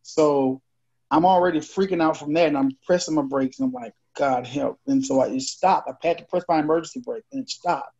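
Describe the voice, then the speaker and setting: Gravelly animated man telling a story. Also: a little high, a little fast. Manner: animated, acts out dialogue. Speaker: podcast co-host. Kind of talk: casual storytelling. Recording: dull lo-fi podcast audio.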